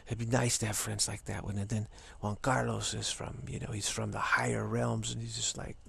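A man hosting a casual spiritual talk video, rambling playfully with hushed asides. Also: lowish voice, level tone, fairly quick, creaky, background noise.

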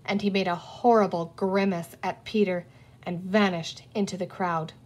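A woman reading a children's storybook aloud in a clear, deliberate manner. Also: fairly low pitch, fairly even intonation, darkish tone. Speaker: audiobook reader. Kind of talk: storybook narration read aloud.

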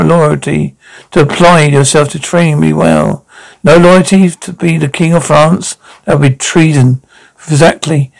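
A man with a gravelly, slightly higher voice reads a whole drama script aloud on his own. He takes every part in the same flat read-through manner and calls out the sound cues as he goes. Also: low-quality recording. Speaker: reader voicing a TV drama episode.

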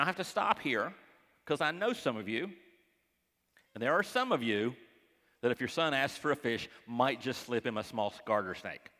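A man preaching a conversational sermon as pastor, with folksy joking asides to the congregation and acted-out quoted voices. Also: a little high. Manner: acts out quoted voices, dropping to hushed tones. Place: church sanctuary. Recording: church hall reverb.

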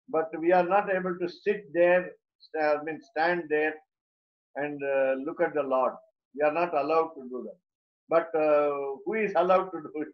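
A man teaches scripture, carefully unpacking Sanskrit words one by one and pausing on frequent fillers. His voice sits a little high for a man. The recording sounds muffled and lo-fi. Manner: explains Sanskrit terms word by word, with frequent fillers and restarts. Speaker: religious teacher. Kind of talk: scripture lecture.

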